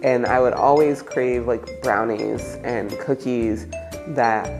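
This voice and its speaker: An American woman tells lively stories in a documentary interview, putting on other people's voices as she goes. Music plays clearly behind her. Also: very deep voice, slow pace. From United States.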